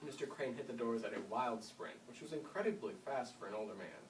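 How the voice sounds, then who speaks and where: A man reads a humorous story aloud to a class, his delivery lively and building in dramatic swells. His voice carries through a roomy space, heard from well away from the mic, with a faint hum of the room behind it. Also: mid-range voice, a little fast, recorded from a distance. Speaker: reader to school classes.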